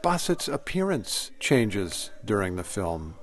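A man interviewing a filmmaker, describing scenes and asking questions in a measured way. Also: lowish voice, sing-song. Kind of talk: radio-style interview questions and film description.

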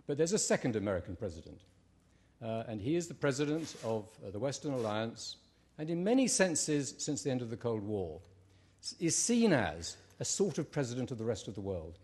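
A British man argues his side in a formal debate, his voice sitting at an ordinary middle pitch. He speaks with dry wit and stops often for ums and uhs as he finds his words. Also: darkish tone, slightly rough. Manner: wry, hesitant with many ums and uhs.

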